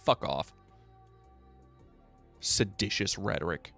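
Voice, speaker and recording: A man's voice: deep voice, lively intonation, takes it slowly, gravelly, fairly bright tone, faint music behind. A man from New England doing live-stream commentary, ranting in a profane, heated way.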